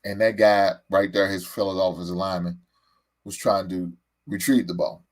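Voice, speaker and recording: A man's voice: low voice, fairly even intonation, moderate pace. A man hosting a sports show, ranting heatedly about his team, stammering and repeating words as he goes. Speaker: sports podcast host. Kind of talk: animated sports fan rant.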